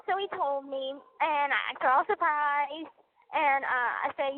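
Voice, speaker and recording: A young woman with a soft, girly voice chatting playfully on a prison phone line, giggling and swearing casually. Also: sits high, fairly even intonation, unhurried. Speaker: caller on a prison phone call. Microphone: prison telephone.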